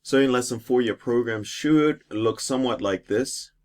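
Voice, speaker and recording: A man's voice: mid-range voice, normal speed. A man teacher walking through a coding exercise step by step, with some fillers, as he types. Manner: steady step-by-step explaining with fillers. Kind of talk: screen-recorded coding lesson.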